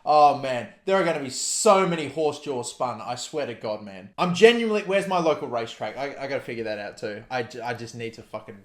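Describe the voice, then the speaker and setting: A man's voice: medium pitch, big pitch swings, fast talker, hardly any pauses, a bit bright. Angry Australian man ranting, roomy echo. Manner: furious, profane, heated ranting. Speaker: football fan vlogger. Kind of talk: angry rant to camera.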